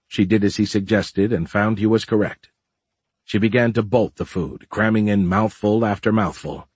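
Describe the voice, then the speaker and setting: A man narrating an audiobook in a steady, even-paced way. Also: on the low side, normal speed, husky, no echo.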